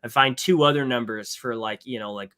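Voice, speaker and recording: A man with a medium-pitched voice and a bright, forceful tone talks casually on a podcast. He recounts an anecdote in an animated way and slips into short quoted exchanges as he goes. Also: fairly quick, clear, resonant tone. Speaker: podcast co-host. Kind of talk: casual storytelling chat.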